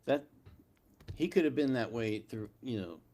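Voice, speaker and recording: A middle-aged man with an ordinary mid-range voice trades stories on a casual live chat. He talks bluntly and fills his pauses with ums and uhs, and his anecdotes unfold at an easy pace. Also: medium pitch, animated, dark tone. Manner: storytelling, blunt, hesitant fillers. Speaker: co-host, film producer.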